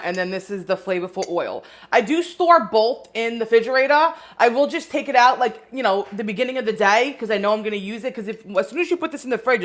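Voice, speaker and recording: Woman host, casual live cooking stream, chatty and rambling. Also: medium pitch. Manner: chatty, greets viewers, rambling asides.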